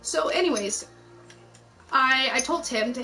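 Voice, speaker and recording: A woman's voice: a little high, normal speed, pushed and bright, soft background music, low-quality recording. A woman rambling through a personal story in casual chat, swearing freely and acting out what people said. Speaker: YouTube host.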